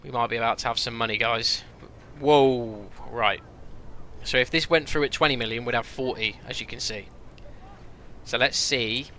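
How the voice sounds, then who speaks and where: A man's voice: mid-range voice, steady tone, moderate pace, bright, forceful tone, a little hiss or hum. A young man chatting to his viewers as he streams a football management game, thinking aloud, ranting and reacting as he goes. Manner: chatty, talks to viewers, rants and exclaims. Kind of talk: casual gameplay commentary.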